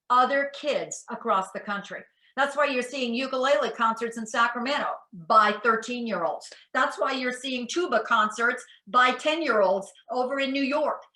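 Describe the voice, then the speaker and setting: A woman in her sixties giving an animated talk to parents as a psychologist, acting out quotes as she tells stories. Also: on the high side, reverberant, rough recording. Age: 60s. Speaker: educational psychologist speaker.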